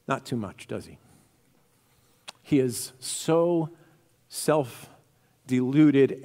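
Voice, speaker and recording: A male pastor preaching a sermon in a church, telling the story with animated energy and acting out the quotes. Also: medium pitch. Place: church sanctuary. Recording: reverberant church hall.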